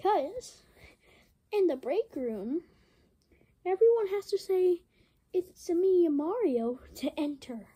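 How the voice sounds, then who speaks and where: A very high, mellow woman's voice narrates a playful game story for her channel. She talks slowly and stammers, catching on the first sounds of words before getting them out. Her pitch leaps around. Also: lively intonation. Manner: stammers, repeats syllables. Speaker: channel host. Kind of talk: playful narrated toy play.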